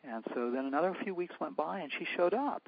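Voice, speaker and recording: A man's voice: on the high side, animated, fast talker, creaky, husky, no room sound. An older male physician telling a story from his practice, candidly acting out both sides of the dialogue. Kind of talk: anecdotal storytelling. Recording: dull lo-fi dry recording.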